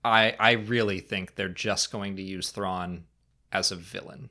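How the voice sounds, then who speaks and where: Man, podcast co-host, casual fan chat, lowish voice, animated, playful impressions. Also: a little slow. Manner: animated, jumps into funny impressions.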